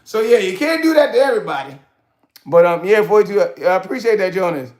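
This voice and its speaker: A man's voice: high-pitched, animated, quick pace, reverberant. A man in his forties, hosting his own show, talking casually to the camera with frequent laughs and a lot of "you know what I'm saying". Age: 40s. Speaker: host.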